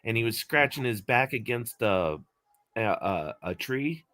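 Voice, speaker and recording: A man's voice: medium pitch, very animated, unhurried, pushed and bright. A man on a livestream in casual chat, cracking jokes and telling a funny story. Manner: joking storyteller.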